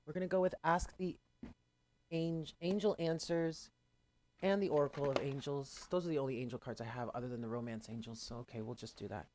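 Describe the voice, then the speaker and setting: A man at a medium pitch leads a live channeled card reading. He speaks earnestly and turns often to address his viewers directly. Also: fairly even intonation, brisk, darkish tone, slight background noise. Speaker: spiritual card reader.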